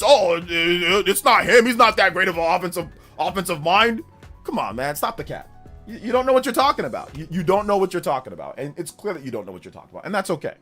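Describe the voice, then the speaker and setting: A man's voice: high voice, fairly bright tone. Emphatic, argumentative male streamer. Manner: emphatic, argumentative, talks back to chat. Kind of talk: live stream reaction and chat.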